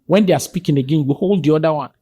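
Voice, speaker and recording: Man, podcast guest, dark husky voice, dry close sound, animated storytelling. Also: rapid-fire, no echo. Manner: acts out quoted dialogue with sudden high jumps in pitch.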